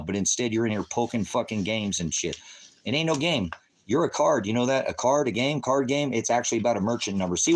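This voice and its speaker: A combative man rants at his livestream chat, cursing heavily and rambling from point to point. His mid-range voice jumps from loud outbursts to low muttering. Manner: swings between shouting and muttering. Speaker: livestreamer running a ministry channel. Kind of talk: angry livestream rant at chat.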